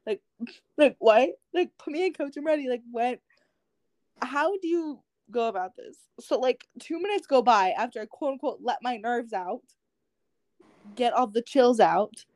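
A woman's voice: fairly high pitch, measured pace, darkish tone, dry recording, clean studio sound. A young woman co-hosting a podcast, telling a story in casual chat and acting out the dialogue. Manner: chatty storyteller, acts out dialogue, many "like"s. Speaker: podcast co-host.

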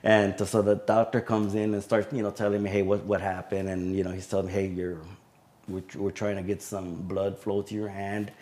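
A man being interviewed as a sheriff's deputy guest, telling a personal story in a halting way with many fillers. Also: fairly low pitch, completely flat delivery, a little mellow. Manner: halting recounting with frequent fillers.

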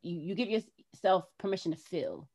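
A woman's voice: fairly low pitch, moderate pace. Fields: Sex: woman. Role: chatty podcast host. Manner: expressive, acts out her own past words. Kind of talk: casual heart-to-heart chat.

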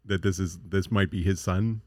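Low-voiced male co-host, dry close mic, casual back-and-forth. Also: steady tone, normal speed, dry recording. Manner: brief interjections and asides. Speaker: podcast co-host. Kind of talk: casual chat.

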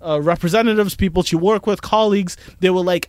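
A man with a high-pitched voice, co-hosting a podcast and trading playful banter. The recording is dry and close. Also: a little fast, no echo. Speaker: podcast co-host. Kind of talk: casual chat.

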